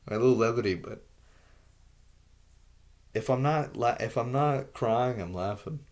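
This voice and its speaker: A man in a profane, exasperated solo rant, firing off repeated rhetorical questions, his voice jumping up and getting louder in bursts, then sinking low and quiet. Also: unhurried, pauses often. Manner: voice rises and gets louder in bursts, then drops low and soft. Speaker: vlogger. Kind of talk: ranting monologue to camera.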